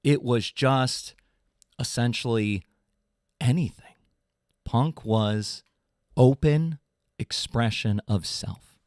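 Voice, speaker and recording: A young adult man, a podcast host, ranting in an animated, casual, swearing way. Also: slow pace, long pauses, dry recording, studio quality. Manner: animated, swearing, mocking voices in high pitch. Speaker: drummer in a pop punk band. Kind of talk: casual comedic rant.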